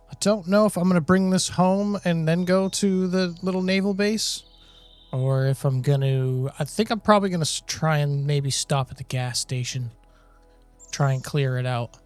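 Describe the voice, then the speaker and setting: A man's voice: on the high side, no room sound. A man giving casual gameplay commentary, rambling and joking with lots of fillers. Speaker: game video creator.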